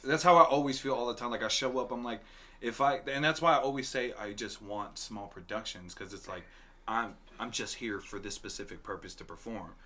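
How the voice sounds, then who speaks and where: A man chatting casually on a podcast, telling a story with lively acted-out dialogue and frequent laughs. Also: lowish voice, fairly quick. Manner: animated storyteller, acts out dialogue, laughs often. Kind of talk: casual chat.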